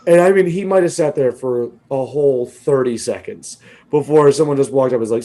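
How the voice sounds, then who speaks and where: Male podcast co-host, mellow and warm in tone, tells stories loosely with lots of swearing and laughter. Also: medium pitch. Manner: animated, swearing, laughs often, quotes people in quick asides. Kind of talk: casual storytelling chat.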